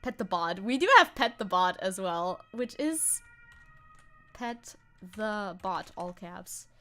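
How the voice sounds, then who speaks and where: A woman's voice: medium pitch, lively intonation, takes it slowly, pushed and bright, faint music behind. A woman streamer chatting casually with her viewers, rambling and laughing often as she types. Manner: rambling, giggly, talks to chat while typing. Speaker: VTuber streamer. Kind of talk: casual live-stream chat.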